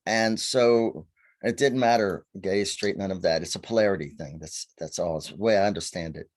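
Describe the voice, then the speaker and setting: A man's voice: sits low, moderate pace. A man from Virginia, a guest telling stories animatedly on a video call. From Virginia, USA. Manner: animated storyteller, acting out quotes. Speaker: guest, faery seer. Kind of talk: storytelling in a conversation.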